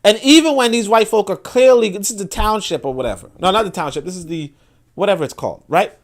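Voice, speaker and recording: Animated man with a slightly high voice. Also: fast talker. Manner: animated, profane, repeats words while restarting. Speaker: podcast host. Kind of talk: casual political commentary.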